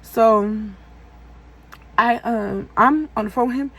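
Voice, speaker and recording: Young woman, husky voice, chatty storytime vlogger, full of fillers. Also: fairly high pitch, slow, fairly bright tone, poor audio. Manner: chatty, lots of fillers, acts out quoted dialogue. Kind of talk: casual storytime.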